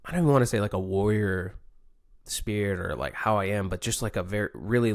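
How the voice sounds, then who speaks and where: A young man talks through his thoughts in a loose, rambling podcast monologue, stopping and restarting often. His voice sits low with a gravelly edge. The sound is dry and close, with no room around it. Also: expressive, fairly quick, dry recording. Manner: rambling, many fillers and restarts, thinking aloud. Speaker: podcast host, competitive surfer. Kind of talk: casual reflective monologue.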